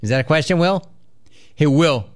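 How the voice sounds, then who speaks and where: Animated, teasing sports talk host man. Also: on the high side, moderate pace. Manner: animated, mocking, repeats phrases for effect. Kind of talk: casual sports talk with listener emails.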